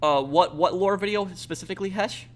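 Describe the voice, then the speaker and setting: A man's voice: high-pitched, fairly quick. A man chatting casually on a gaming live stream, telling rambling stories and answering viewers' questions. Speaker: game streamer.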